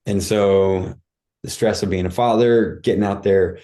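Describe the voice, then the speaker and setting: A man's voice: deep voice, fairly even intonation, unhurried, mellow. A man guest on a podcast, telling his life story in a candid, rambling way with many fillers and restarts. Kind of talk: casual storytelling.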